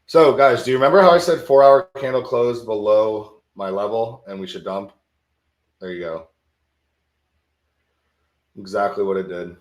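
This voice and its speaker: A sleepy, yawning man hosts a live futures trading stream in a lowish voice at normal speed, pausing often. He talks casually, thinks out loud, and repeats his words a lot, and the sound is reverberant.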